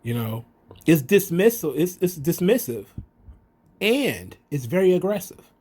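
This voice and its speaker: A wrestling commentary podcaster with a husky, fairly high voice speaks a little slowly in a casual, profane recap. He's animated, acting out the wrestlers' lines in raised voices.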